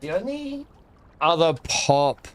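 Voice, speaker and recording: A gaming video creator speaks slowly in a rather high voice with big swings in pitch. He chats casually while opening gifts, muttering asides to himself, talking to his dog, and often clearing his throat.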